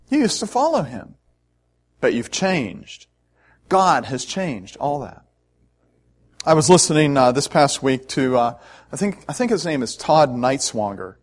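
A man's voice: a little high, sing-song, measured pace. A male pastor preaching a sermon in an earnest, emphatic way, with frequent "uh" fillers.

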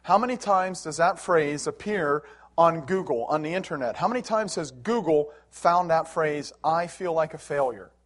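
Earnest, fairly high-voiced man preaching. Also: moderate pace, a bit bright. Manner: earnest, emotional preaching with swells of emphasis. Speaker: pastor. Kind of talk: sermon.

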